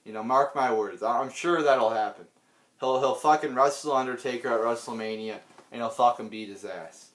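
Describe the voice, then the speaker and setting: A man's voice: medium pitch, moderate pace, fairly bright tone. An exasperated man in a rant, swearing freely and filling every gap with "you know". He stumbles and restarts as his frustration builds, sighing between points. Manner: profane, heavy with "you know" fillers and restarts. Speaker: wrestling commentary vlogger. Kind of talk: angry unscripted rant.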